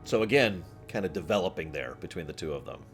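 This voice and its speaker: A man streaming, chatting casually with his viewers in a rambling, animated way, often laughing and acting out scenes. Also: sits low, fast, faint music behind. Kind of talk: casual chat with live chat.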